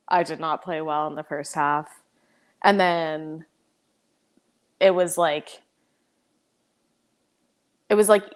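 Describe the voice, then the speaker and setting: A young American woman in casual interview chat, talking fast with many "like" fillers and frequent laughs. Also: lowish voice. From United States. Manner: chatty, lots of "like" fillers, laughs often. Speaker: podcast guest, pro soccer player.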